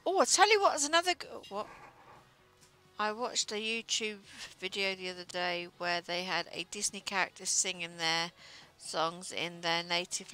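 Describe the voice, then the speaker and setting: Lady rambling on a stream while knitting, slow and easygoing, kinda low but bright and sharp, faint music going behind. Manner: rambling, chatty, with many fillers. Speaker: livestreamer. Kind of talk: casual chat while knitting.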